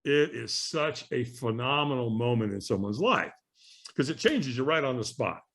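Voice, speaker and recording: Animated man telling a story. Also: medium pitch, moderate pace, a little hiss or hum. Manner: animated, acts out voices in his story. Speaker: podcast guest. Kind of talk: storytelling in a podcast interview.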